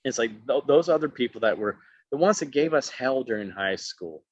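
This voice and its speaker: A man's voice: mid-range voice, fairly quick, no room sound. A middle-aged man from Alabama, an actor telling stories in a casual interview and acting out the people he quotes. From Alabama, USA. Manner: animated, acts out quotes with many voices. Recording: dull dry lo-fi sound.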